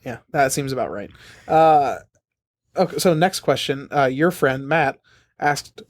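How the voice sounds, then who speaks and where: A young man co-hosting a podcast, trading deadpan, crude jokes in casual banter. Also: mid-range voice, measured pace. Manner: deadpan, crude jokey riffing. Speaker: podcast co-host.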